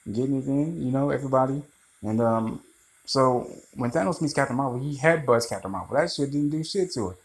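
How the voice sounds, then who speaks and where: A man rambling through a casual, animated movie review, swearing freely. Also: medium pitch, brisk, low-quality recording.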